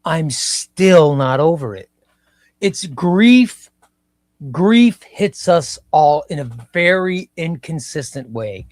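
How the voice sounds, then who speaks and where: Man in his fifties, livestream host, casual chat, slow pace, repeats himself, dry close mic. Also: fairly high pitch, animated, no echo. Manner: slow, reflective, repeats phrases. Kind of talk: casual live stream chat. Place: home room.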